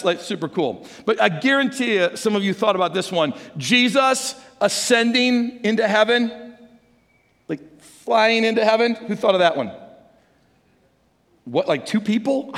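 A man preaching a conversational sermon as pastor, animated and chatty, asking the congregation questions. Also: sits high, creaky. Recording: long hall reverb.

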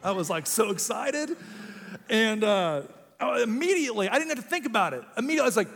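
A man's voice: high voice, very animated, quick pace, vocal fry, fairly bright tone. A man in his thirties preaching a sermon as a pastor, telling a funny personal story with lots of energy. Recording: long reverb in a large room.

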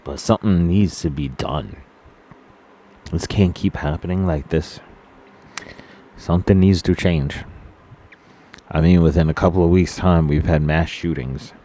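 A man with a very low, deep voice talks straight to his viewers in an unscripted monologue. He is solemn and earnest, and often stops to restart his sentences or reach for words. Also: dark tone. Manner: halting and solemn, with many fillers and restarts; earnest, sorrowful. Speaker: vlogger.

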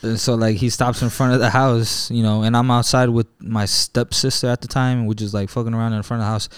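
Smooth-voiced man telling a profane story. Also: medium pitch, flat delivery, a little fast, no room sound, clean studio sound. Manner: storytelling, profane, says "bro" and "right?". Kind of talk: casual chat.

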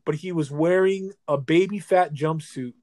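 A young man hosts the talk and tells a story with animated restarts. His voice sits fairly high for a man. The sound is dry and close. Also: normal speed, no room sound. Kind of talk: casual storytelling chat.

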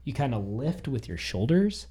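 Slightly rough and mid-range, this man's voice moves at normal speed as he shares a personal story in a relaxed chat. In his thirties, he animatedly acts out his own lines and those of others.

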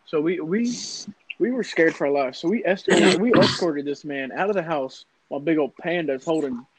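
Young man, slightly high voice, profane rambling anecdote, noisy casual recording. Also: normal speed. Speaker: storyteller. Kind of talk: casual storytelling among friends.

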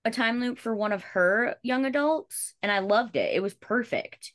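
A woman's voice: fairly high pitch, normal speed, a bit bright, dry recording, studio quality. Blunt, opinionated woman co-host. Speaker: podcast co-host. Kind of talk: casual chat.

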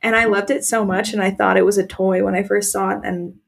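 Young woman, podcast co-host, gravelly low-end fry, candid rambling storyteller. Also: little pitch movement, brisk. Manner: candid, emotional storytelling with frequent "like" fillers. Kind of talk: casual chat, personal storytelling.

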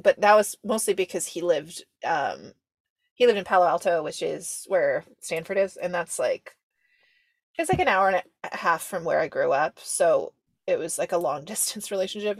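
A young woman co-hosting a podcast, chatting casually with lots of fillers and quick asides. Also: fairly low pitch, breathy edge, no room sound. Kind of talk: casual chat.

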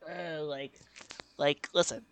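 A young man co-hosting a casual podcast, rambling with lots of fillers and breaking into loud impressions. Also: a little high, fairly even intonation, slow, clean tone. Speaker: podcast co-host.

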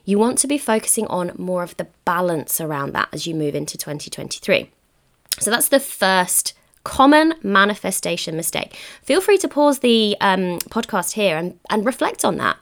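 Lively, encouraging woman podcast host. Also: medium pitch, moderate pace, creaky. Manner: emphatic, encouraging, asks the listener questions. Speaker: podcast host and manifesting coach. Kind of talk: solo podcast monologue.

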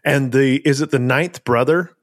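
A man's voice: medium pitch, moderate pace, no echo, clean studio sound. A man co-hosting a podcast, chatting casually in an upbeat, enthusiastic way. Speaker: podcast co-host. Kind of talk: casual chat.

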